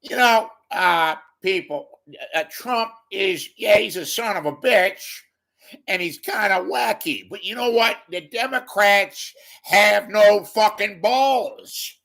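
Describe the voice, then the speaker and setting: A man's voice: sits high, slow, vocal fry, bright, forceful tone, voice pushed up, exaggerated voice. A man doing a drawling Louisiana pundit. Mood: brash. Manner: drawling, swearing, hesitant with fillers. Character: brash profane older male Southern political pundit.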